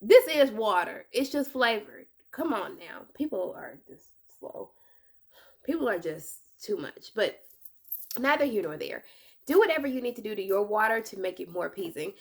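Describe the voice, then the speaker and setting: A young woman giving casual advice in a chatty, animated vlog, correcting herself with playful asides. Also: medium pitch, normal speed. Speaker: vlogger.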